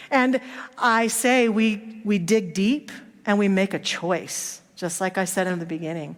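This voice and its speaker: At a measured pace and in a mid-range voice, a woman minister preaches in a church sanctuary, where the hall's reverb can be heard. Her sermon unfolds through stories in which she acts out the people's voices.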